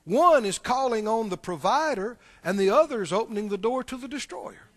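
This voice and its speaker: A man's voice: extremely high pitch, animated, brisk, fairly bright tone, dry recording. A man preaching a sermon, emphatic and repetitive, speaking directly to the congregation. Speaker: pastor.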